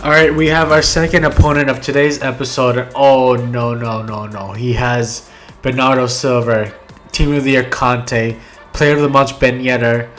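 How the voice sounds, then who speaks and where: A young man commentating his own football video game matches, talking straight to viewers and yelling at goals and near misses. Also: medium pitch, steady tone, moderate pace, faint music behind. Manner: talks straight to viewers, calls them guys. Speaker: gaming YouTuber. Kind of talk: live gameplay commentary.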